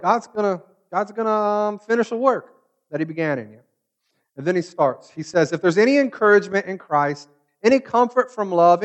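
Male pastor with a high voice; conversational sermon delivery, acts out quoted lines. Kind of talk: sermon with personal storytelling.

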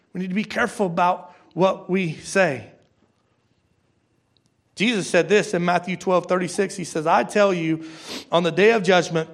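A man's voice: high-pitched, creaky. A male pastor preaching a sermon in a conversational way, repeating key phrases and asking the congregation direct questions.

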